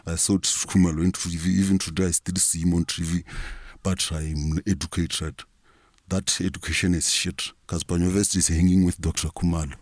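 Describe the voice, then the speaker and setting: Man, South African accent, low voice, dry sound, rambling comic rant, profane, mock-preachy. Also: flat delivery, moderate pace, no room sound. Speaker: comic storyteller.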